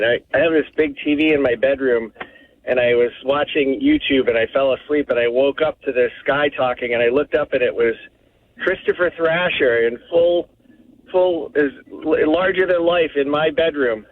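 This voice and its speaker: A man's voice: medium pitch, normal speed, a little hiss or hum. A man calling in to a radio show, rambling and repeating words as he talks. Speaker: caller. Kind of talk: phone-in talk. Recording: tinny phone line.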